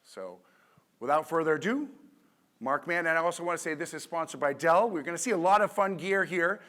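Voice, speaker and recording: A man acting as MC who introduces the speaker on an expo stage, enthusiastic and halting with restarts. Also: on the high side, fairly bright tone. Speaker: MC of the presentation room. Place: expo stage before an audience.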